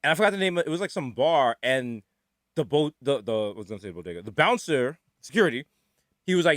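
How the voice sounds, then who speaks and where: Casting: fast-talking New York man, lively storyteller, podcast co-host, dry close mic. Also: on the high side, no room sound. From the Bronx, New York. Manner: animated storyteller, acts out quoted voices. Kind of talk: casual comedic chat.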